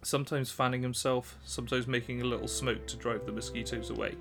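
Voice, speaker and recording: A man narrating an old tale in a measured, calm reading. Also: medium pitch, gravelly, music in the background. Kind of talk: storybook reading.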